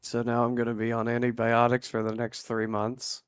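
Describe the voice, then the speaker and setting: A man's voice: mid-range voice, monotone, normal speed, clean tone. A man on a podcast in casual, laid-back banter, teasing the others. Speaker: podcast guest host.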